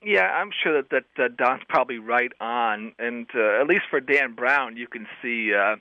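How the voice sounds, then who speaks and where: A man's voice: medium pitch, normal speed, no echo. A male guest scholar on a radio call-in show, talking thoughtfully with frequent restarts and fillers. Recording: tinny phone line, dry.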